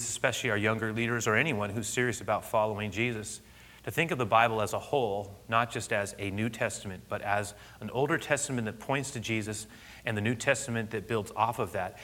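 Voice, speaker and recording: Bright-voiced male pastor telling a story. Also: lowish voice. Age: middle-aged. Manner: animated storyteller, laughing and loud at punchlines. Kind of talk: sermon with personal story.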